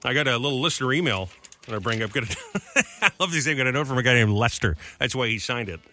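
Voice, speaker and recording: A man's voice: mid-range voice, lively intonation, fast talker, bright, forceful tone, a little hiss or hum. A man hosting a morning radio show, chatting casually, running through the day's birthdays and reading out listener mail. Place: radio studio. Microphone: studio microphone.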